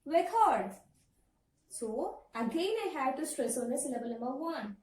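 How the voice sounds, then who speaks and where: A woman gives a pronunciation lesson in a high voice, patiently repeating each example word. She sits a little away from the mic in an echoey room. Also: expressive, darkish tone, recorded from a distance. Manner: explains step by step, repeats words slowly, asks "right?". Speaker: English pronunciation teacher. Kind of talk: classroom-style lesson to camera.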